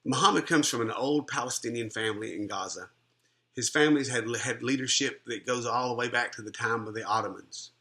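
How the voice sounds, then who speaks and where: Middle-aged male minister, bright forward tone, earnest conversational testimony with restarts. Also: mid-range voice, a little fast. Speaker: Christian minister and life coach. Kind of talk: personal testimony storytelling.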